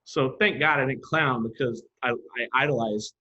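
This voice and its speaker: A graffiti artist guest speaks at medium pitch and normal speed in a husky, slightly rough voice, loosely and animatedly recounting stories and taking on other people's voices when he quotes them. Audio is a bit dull, like a modest podcast setup.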